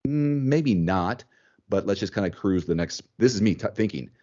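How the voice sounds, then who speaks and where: Podcast host, male, low voice, animated and chatty, dull lo-fi sound. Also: normal speed. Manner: animated, thinks aloud, repeats words. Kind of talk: casual chat.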